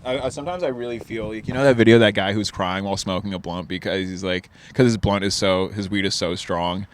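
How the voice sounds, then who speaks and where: A young man in casual chat, high and rambling, swearing and laughing often as he talks. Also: steady tone, fast. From New Jersey. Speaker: guest comedian. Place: outdoors on a porch.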